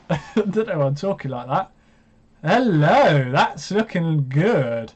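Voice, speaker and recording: Male streamer, slightly high voice, rambling commentary with excited outbursts, dull lo-fi audio. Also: slow pace. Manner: chatty, hesitant, bursts into excited reactions. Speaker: live stream host. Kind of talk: live watch-along commentary.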